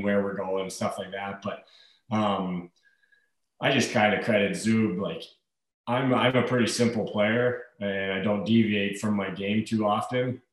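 A man in his thirties, a hockey player guest in a casual interview, talking in an easygoing, rambling way with fillers. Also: on the low side. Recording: echoey room.

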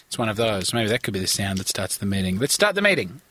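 A man's voice: on the low side, big pitch swings, fast, bright, forceful tone, slight background noise. A tired man hosting a rambling solo comedy podcast from a parked car, with theatrical, pompous mock-indignation.

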